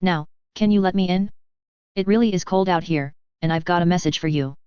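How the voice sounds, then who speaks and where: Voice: mid-range voice, brisk, clear, resonant tone, no room sound, lo-fi sound, close to an everyday voice. A storybook narrator voicing a cocky male spirit who possesses a cat, speaking in a put-on TV British accent with a sardonic, grumbling manner. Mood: teasing.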